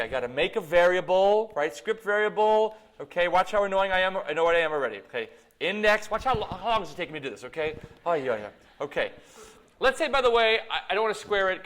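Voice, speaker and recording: In a lecture hall, a computer science lecturer with a high-pitched, bright, forceful voice gives a live university lecture while demonstrating code. His asides are playful and self-mocking.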